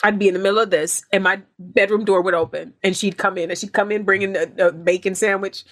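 A woman's voice: mid-range voice, fairly quick. A woman guest on a podcast talking in an earnest, heartfelt way, stressing her points by repeating phrases. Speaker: guest actress.

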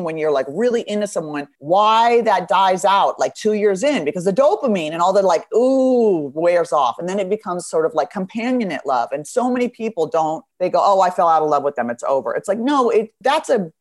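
A woman in her fifties, a podcast guest, talking candidly and bluntly, swearing freely and acting out voices as she tells stories. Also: medium pitch. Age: 50s. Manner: blunt, profane, animated storytelling. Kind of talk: candid conversation.

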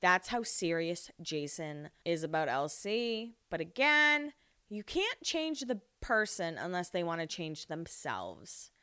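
Chatty young woman with a smooth voice. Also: fairly low pitch, big pitch swings, slow pace, sharp tone, no room sound, studio quality. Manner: chatty, giggly, lots of "like" fillers. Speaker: podcast host recapping a reality show. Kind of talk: casual chat.

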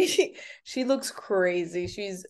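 Woman podcast co-host, casual chat, animated recapping, lower-pitched voice. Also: takes it slowly. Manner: animated recapping, acts out scenes and laughs along.

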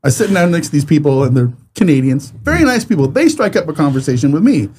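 A man co-hosting a podcast who rambles through stories in a slightly high, very animated voice, laughing and swearing as he goes. A faint hiss sits behind him. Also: quick pace. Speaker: podcast co-host. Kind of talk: casual storytelling chat.

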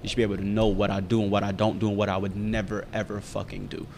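A young man in casual chat, candidly telling a story, profane and animated as he talks. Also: fast, vocal fry. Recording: roomy reverb with faint rumble.

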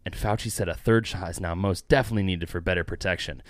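A man's voice: deep voice, fairly even intonation, fast, no echo. A man co-hosting a podcast with brash, sarcastic, profane commentary in a studio. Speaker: podcast co-host. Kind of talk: casual comedic commentary.

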